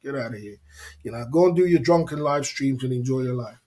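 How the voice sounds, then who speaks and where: A livestream host with a medium-pitched, mellow voice talks fast. He rants indignantly in slangy, repetitive casual speech, laughing often.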